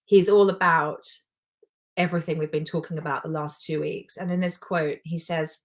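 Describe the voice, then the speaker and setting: Woman in her forties, life coach, low voice, heartfelt and personal, live motivational talk. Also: steady tone, moderate pace. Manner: heartfelt, emotional, warmly personal.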